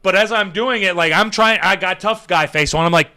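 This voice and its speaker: A man hosting a podcast, telling a comic story in a rambling, animated way full of fillers and casual swearing. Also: high-pitched, a little fast. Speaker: podcast host.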